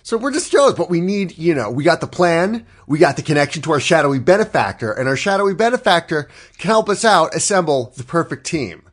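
A man's voice: on the high side, a little fast, few pauses. A man hosting a casual comedy podcast, rambling through a scenario and acting out quoted voices. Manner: rambling, animated storytelling, acts out quoted voices. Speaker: podcast host posing the scenario.

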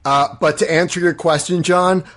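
A man's voice: on the high side, fairly even intonation, moderate pace, fairly bright tone. A man hosting a casual podcast, rambling and filling with "like". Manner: rambling, heavy use of "like". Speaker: podcast host. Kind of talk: casual chat.

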